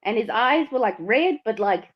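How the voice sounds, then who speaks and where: A woman co-hosts a livestream, her voice on the high side and animated at a normal pace. She tells a story with lots of energy, acting out quotes and laughing often. Her livestream mic gives a slightly dull, lo-fi sound.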